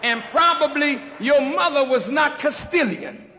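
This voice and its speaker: A man preaches to a student audience in a very high, bright voice, taking his time and leaning hard on each phrase before surging into shouts. The archival recording rings with the long reverb of a university auditorium. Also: animated, a faint crowd. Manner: preaching, rising to shouts, drawn-out emphasis. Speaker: minister addressing students. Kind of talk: impassioned lecture speech.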